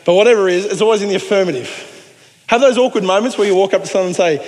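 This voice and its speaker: A man's voice: high voice, racing, darkish tone, in a large hall. A man with an Australian accent preaching a sermon, earnest and conversational with joking asides. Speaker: pastor.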